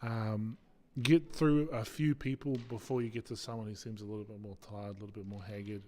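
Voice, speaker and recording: A man's voice: fairly low pitch, fairly even intonation, a little fast, darkish tone, slight background noise. A man narrating a tabletop game as game master, laid-back and chuckling.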